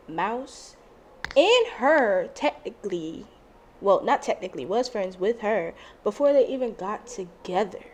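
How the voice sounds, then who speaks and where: A woman in her late teens cutting in to calmly clarify details of her story. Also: medium pitch, a little hiss or hum. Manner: measured, explanatory correction of the story's timeline. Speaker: vlogger. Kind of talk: inserted voice-over clarification.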